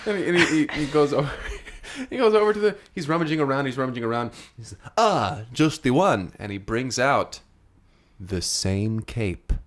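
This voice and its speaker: A man's voice: mid-range voice, a little fast, fairly bright tone, a little hiss or hum. A man improvising a comic story for a podcast, rambling, repeating words and laughing between lines. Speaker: improv performer and narrator.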